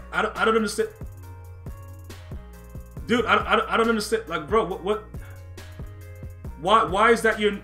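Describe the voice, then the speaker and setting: A young man commentates his football video game on a live stream, talking to chat and repeating himself when excited. His voice is high and bright, with soft music in the background. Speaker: gaming streamer.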